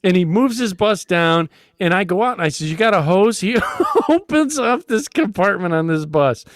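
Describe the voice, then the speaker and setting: A man's voice: high-pitched, animated, normal speed, dry recording, clean studio sound. A man hosting a talk show, telling a long story with frequent laughs and restarts. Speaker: podcast host. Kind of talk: casual storytelling chat.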